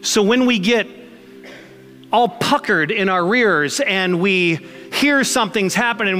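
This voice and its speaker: A man's voice: sits high, measured pace, sharp tone, long reverb tail, soft background music. A man preaching a sermon as pastor, conversational and emphatic, mixing blunt jokes into his points.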